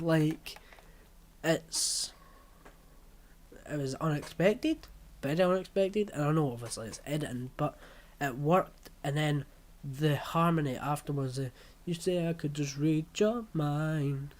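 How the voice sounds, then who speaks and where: A young man recording a casual music reaction vlog, giving blunt, offhand verdicts and scores on each song in short bursts. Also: on the high side.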